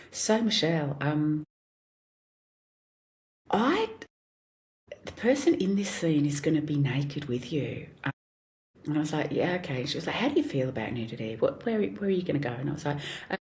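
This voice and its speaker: A woman in her forties, a guest actor, telling stories in casual chat and laughing often. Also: low-pitched. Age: 40s. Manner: animated storyteller, laughs often.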